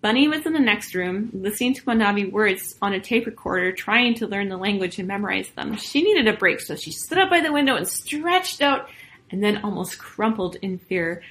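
Woman, storyteller, reading a children's story, expressive, lively. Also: mid-range voice, moderate pace, rough recording.

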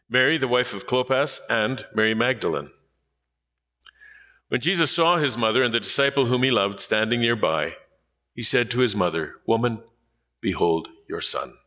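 A man reading scripture aloud in a measured, solemn manner. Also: medium pitch, sharp tone. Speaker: scripture reader.

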